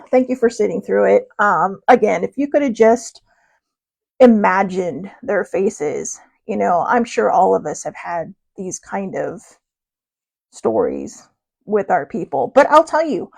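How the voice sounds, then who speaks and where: A woman's voice: medium pitch, creaky. A woman host telling a funny story in a casual, chatty way, laughing and poking fun at herself. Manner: chatty, laughing, self-deprecating. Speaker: podcast host.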